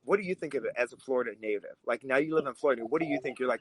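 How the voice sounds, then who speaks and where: A man's voice: medium pitch, expressive, rapid-fire, few pauses, fairly bright tone, no echo, poor audio. A man who grew up in Russia, co-hosting a political podcast, talking in a heated, emphatic way. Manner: fired up, emphatic, swears when angry. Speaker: podcast co-host.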